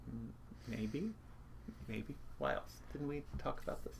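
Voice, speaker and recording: A co-host with an extremely low, gravelly voice chats casually on a home livestream. The delivery is dry and teasing, calm when explaining things. Faint room noise sits behind. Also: female voice, measured pace. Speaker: musician co-hosting a livestream. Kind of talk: casual chat. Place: home, indoors.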